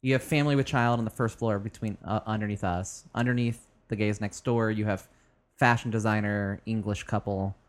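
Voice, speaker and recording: A man's voice: lowish voice, steady tone, brisk. A man co-hosting a casual podcast chat at home, telling stories animatedly and laughing often. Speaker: podcast co-host. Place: home apartment with back door open.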